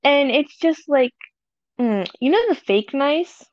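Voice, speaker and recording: Blunt, sassy woman with a high voice. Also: animated, slow pace, no echo, highs cut off. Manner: blunt, sassy, laughs often, tags lines with "okay?". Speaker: podcast co-host. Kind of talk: casual chat.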